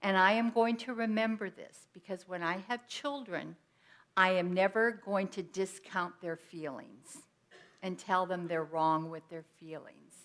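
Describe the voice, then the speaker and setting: A woman's voice: lowish voice, fairly even intonation, unhurried, fairly bright tone. A woman giving an inspirational sermon at a Sunday church service, speaking conversationally and telling personal stories. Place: church sanctuary.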